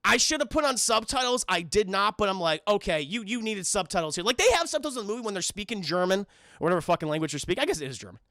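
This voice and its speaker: A man's voice: high-pitched, very animated, rapid-fire, sharp tone, dry recording. A man streaming a casual, profane, rambling film recap to his chat. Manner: profane, rambling, many fillers.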